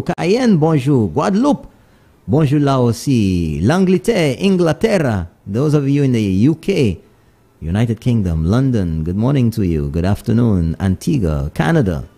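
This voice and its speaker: A man's voice: lowish voice, dark tone. A man hosting a call-in radio talk show, greeting listeners in many places and signing off. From Saint Lucia.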